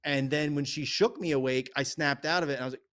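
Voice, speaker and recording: A middle-aged man on a podcast, telling a story in casual, profane, animated chat. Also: medium pitch, quick pace. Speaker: podcast co-host.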